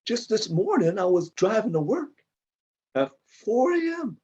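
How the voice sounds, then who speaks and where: A man's voice: high voice, sing-song, measured pace, darkish tone, breathy edge, full character voice. A man playing a flustered older cracker factory worker in improv comedy over a video call, rambling and stammering with bursts of indignation. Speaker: improv performer. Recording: dull lo-fi video call audio.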